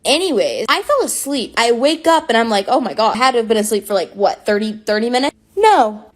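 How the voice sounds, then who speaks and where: Young woman in her 20s, high pitch, sarcastic storytime creator. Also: a bit bright. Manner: chatty, sarcastic, filler-heavy. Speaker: content creator. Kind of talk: storytime monologue to camera.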